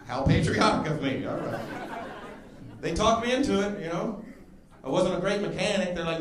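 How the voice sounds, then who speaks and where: A man in his thirties doing a stand-up comedy set, telling stories and acting out other people with loud exclamations. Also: fairly high pitch, expressive, fairly quick, crowd noise. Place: comedy club stage before a laughing crowd. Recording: roomy club sound with audience noise.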